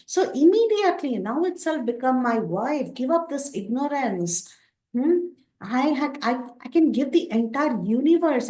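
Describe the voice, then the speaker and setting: A lustful demon king pleads and brags in a voice pitched well above the storyteller's own, as a woman puts him on. He coaxes, then boasts of his power, all in an echoey room. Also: darkish tone.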